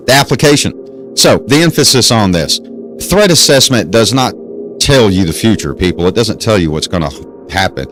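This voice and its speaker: Guy doing a solo podcast lecture, really lively up and down voice, keeps asking questions and repeating himself. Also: fairly low pitch, moderate pace, faint music behind, rough recording. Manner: emphatic, repetitive, rhetorical questions. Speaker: podcast host. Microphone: desk mic on a stand.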